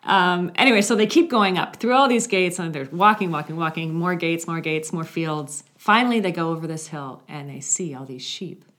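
A woman telling a story in a conversational faith reflection, animated, with hushed passages. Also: lowish voice, moderate pace, few pauses. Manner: storytelling, animated, drops to a hushed voice for quiet moments.

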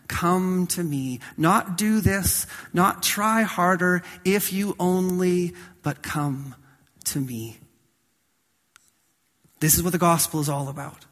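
A man preaching a sermon as pastor, swinging from loud to soft and slowing down on key phrases. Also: sits high, in a large hall.

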